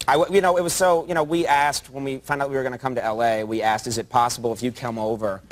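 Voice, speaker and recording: A man's voice: medium pitch, steady tone, fast, slight background noise. A man hosting a late-night talk show, joking with his guest and hesitating with fillers. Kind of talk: casual interview banter.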